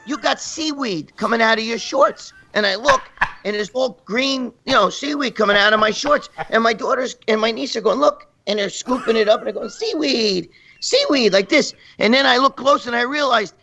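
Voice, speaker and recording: A man's voice: very high voice, normal speed, gravelly, bright, forceful tone, a little hiss or hum. A man telling crude comic stories, profane and rambling, laughing as he goes. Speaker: guest storyteller.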